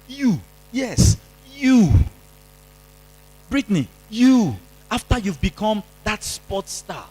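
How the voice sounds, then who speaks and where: A man's voice: high voice, darkish tone, husky. A male pastor from Kenya preaching at a youth seminar, exhorting the audience and having them repeat lines after him. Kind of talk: youth seminar sermon with call-and-response. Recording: long reverb of a large hall.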